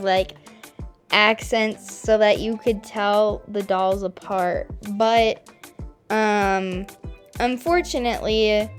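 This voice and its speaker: A young woman talking casually as she reacts to her own old videos, laughing at herself and saying "like" a lot. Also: mid-range voice. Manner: giggly and self-mocking, heavy use of "like".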